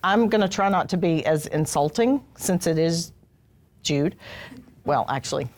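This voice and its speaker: A woman's voice: low voice, animated, unhurried, a little mellow. A middle-aged woman hosting a casual onstage interview, chatty and self-deprecating, joking with her guest. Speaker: host, HR director. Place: live event room with audience.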